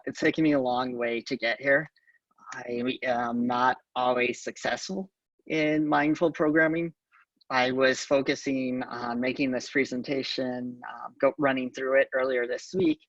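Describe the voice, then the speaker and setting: Gravelly man giving a calm talk. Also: mid-range voice, no echo. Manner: calm, halting, frequent ums. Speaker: conference speaker. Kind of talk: conference talk on mindfulness. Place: conference talk. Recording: distant, dull lo-fi conference recording.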